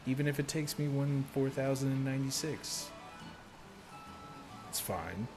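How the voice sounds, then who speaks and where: A man's voice: mid-range voice, completely flat delivery, a little fast, music in the background. A man streaming a video game, chatting casually and rambling from story to story, laughing often. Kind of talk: casual live-stream chat.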